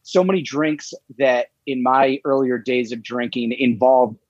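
A man guesting on a casual podcast, telling stories in a relaxed way and laughing easily. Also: medium pitch, unhurried, no room sound. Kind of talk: casual chat. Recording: dull dry lo-fi sound.

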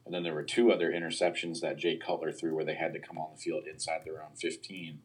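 A man's voice: extremely low pitch, level tone, quick pace, slightly rough. A man talking football roster analysis in a casual podcast chat, hedging often with "you know" and "um". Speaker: sports analyst guest.

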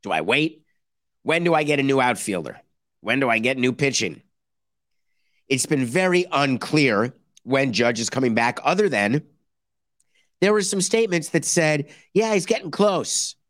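A man hosting a sports podcast, delivering a sarcastic, animated monologue and mock-quoting other people. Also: mid-range voice, normal speed, long pauses, dry recording, clean studio sound. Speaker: podcast host. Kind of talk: opinionated sports talk monologue.

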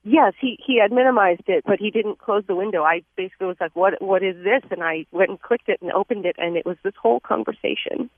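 A woman calling in to a radio advice show, speaking hesitantly and haltingly. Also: mid-range voice, no echo. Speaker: caller. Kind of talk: phone-in call. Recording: tinny phone line.

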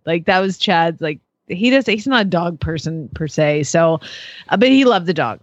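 A woman's voice: mid-range voice, measured pace, no echo, muffled recording. A woman co-hosting a radio show, telling a family story in casual chat, laughing often and acting out the voices. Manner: animated, laughing storyteller who acts out voices.

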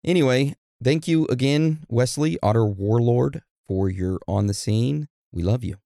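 A man co-hosting a casual podcast, joking around and reading out listener shout-outs in an animated way. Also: mid-range voice, unhurried, gravelly, no echo, clean studio sound. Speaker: podcast co-host.

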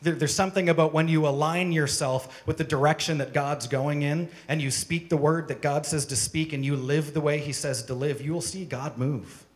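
High-voiced man preaching a sermon. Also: fairly even intonation, normal speed, few pauses. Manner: emphatic, rhetorical questions. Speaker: pastor. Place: church service with congregation.

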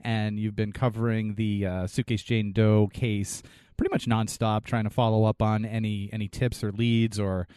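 Low-voiced man co-hosting a podcast. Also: flat delivery, normal speed, mellow, clean tone, no echo, clean studio sound. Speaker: podcast co-host. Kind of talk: casual podcast chat.

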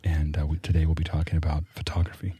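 A man hosting a casual podcast chat, joking and halting with restarts. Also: very deep voice, completely flat delivery, mellow, slightly rough, no room sound. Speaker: podcast host.

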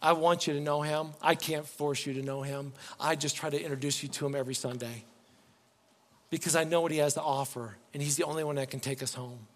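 A man's voice: fairly high pitch, fairly even intonation, a little fast, a bit bright. A man preaching a sermon as pastor, earnest and pleading, often restarting his words. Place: church sanctuary. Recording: long reverb, faint music behind.

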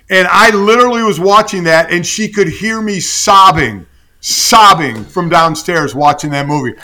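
An older man, a podcast guest, telling animated stories in casual chat and laughing often. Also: high voice, moderate pace.

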